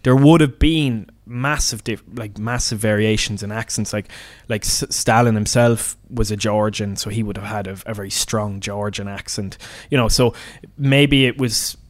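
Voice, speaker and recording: A man co-hosting a film discussion podcast, speaking casually with a wry tone and pausing to think aloud. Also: fairly low pitch, fairly even intonation, dry recording. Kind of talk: casual chat.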